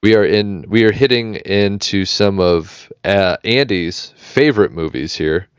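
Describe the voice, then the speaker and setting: A man's voice: lowish voice, measured pace, clear, resonant tone, no echo. An American man hosting a casual podcast chat, rambling, joking and correcting himself as he goes. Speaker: podcast host keeping the notes. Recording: dull lo-fi mic, dry.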